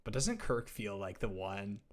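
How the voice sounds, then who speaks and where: Man, lowish voice, joking co-host on a live stream, rambling asides, desk mic. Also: lively intonation, a little slow. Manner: joking, laughs at his own lines, rambling asides. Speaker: fantasy football stream co-host. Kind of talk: casual live-stream chat.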